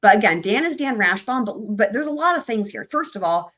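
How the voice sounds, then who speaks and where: A woman's voice: mid-range voice, animated, fairly quick, a bit bright. A woman hosting a true crime live stream, chatting loosely with her viewers in a rambling, casual way.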